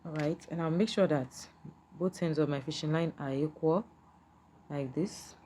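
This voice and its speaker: A woman walks through a beading craft one step at a time, patient and repetitive, often checking whether the viewer can follow. Her voice sits low, and a faint hum of room noise runs underneath. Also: moderate pace, dark tone. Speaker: beading tutor.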